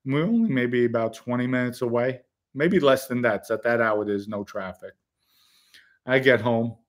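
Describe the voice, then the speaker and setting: A man tells stories in a loose, casual chat. He speaks bluntly, swears freely and laughs at his own jokes, his voice sitting in a plain middle pitch. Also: moderate pace. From the Bronx, New York. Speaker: podcast host telling stories.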